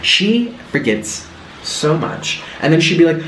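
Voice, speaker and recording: A young man talks through a cooking vlog, his slightly high voice swinging lively up and down. He tells family stories with gasps and mimicked voices. The sound is roomy and a little distant from the mic. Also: a little slow, background noise. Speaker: food vlogger.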